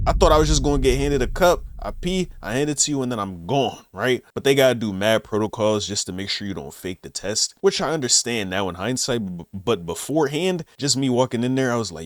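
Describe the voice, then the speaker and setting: A man's voice: mid-range voice, fast, few pauses, no echo, studio quality. A young man casually telling a story in slang, acting out the lines of the people he quotes. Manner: slangy, animated retelling with quoted dialogue. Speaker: vlogger.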